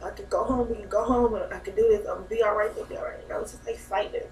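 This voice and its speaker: A woman's voice: medium pitch, steady tone, very fast, darkish tone, a little hiss or hum. Heartfelt woman, echoey room. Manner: heartfelt, rambling, laughs often. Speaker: new mother vlogging. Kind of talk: emotional personal vlog. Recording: echoey room, mic a bit far.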